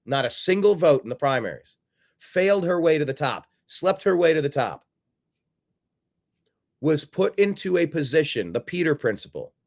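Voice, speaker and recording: A man's voice: on the high side, sing-song, normal speed. A man hosting a political commentary show, combative and sarcastic, repeating phrases for emphasis. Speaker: host.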